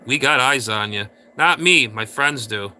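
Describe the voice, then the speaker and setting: A man's voice: mid-range voice, measured pace, sharp tone, slight background noise. Crude ranting male livestream host. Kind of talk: casual livestream chat with viewers.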